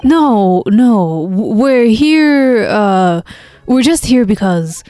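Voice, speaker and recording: A woman voicing a nervous, earnest young male lawyer in a lowered voice. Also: expressive, drawn-out words, dark tone, soft background music. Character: anxious young Japanese lawyer, man.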